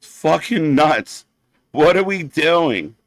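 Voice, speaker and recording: A man's voice: fairly high pitch, lively intonation, takes it slowly, no echo. Profane, ranting man commentating wrestling live. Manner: blunt, sarcastic, swears often, heated.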